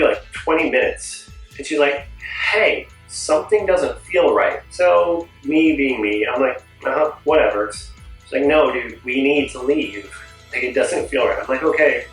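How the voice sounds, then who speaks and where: A young man telling a storytime tale to camera in a casual, jokey way with quick asides. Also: on the high side, a bit bright, far from the mic. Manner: chatty, jokey, fast asides. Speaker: vlogger. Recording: roomy echo, off-mic, faint music.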